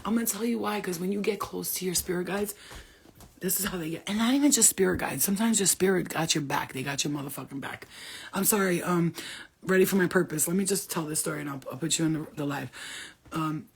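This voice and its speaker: A woman host telling stories on a casual livestream, blunt, profane and animated. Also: on the low side, fast, creaky, a little hiss or hum. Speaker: host talking about spirit guides.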